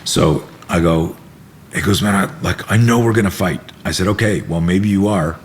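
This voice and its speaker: A man's voice: deep voice, moderate pace, a little hiss or hum. A middle-aged man, a self-defense instructor, telling stories in a casual interview, acting out quotes and swearing freely. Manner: animated storyteller, acts out quotes, swears freely.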